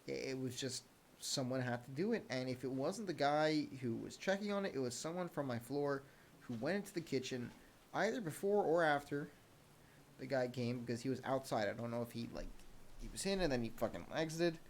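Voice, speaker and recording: A man's voice: mid-range voice, animated, fairly quick, a little hiss or hum. A young man hosting a solo podcast, telling a story in a heated, profane rant. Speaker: podcast host.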